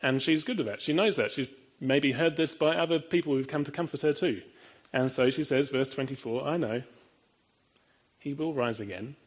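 A man's voice: fairly high pitch, brisk, highs cut off. A man preaching a sermon in an earnest, emphatic way, often asking his listeners rhetorical questions.

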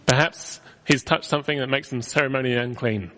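A man preaching an expository sermon, telling the story with lively emphasis on quoted lines. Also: medium pitch, brisk, hardly any pauses. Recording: long hall reverb.

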